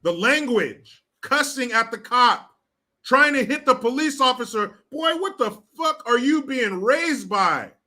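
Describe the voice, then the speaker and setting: Guy with a high bright voice going off in an angry profane rant. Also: lively intonation, unhurried. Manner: blunt, profane, indignant. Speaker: commentator. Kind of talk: ranting commentary.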